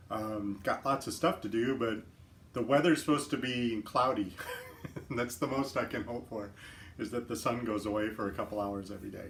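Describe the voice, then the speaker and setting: A man's voice: medium pitch, fairly bright tone. A man hosting a casual live stream, chatting easily, laughing often and greeting viewers by name. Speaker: livestream host. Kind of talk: casual chat.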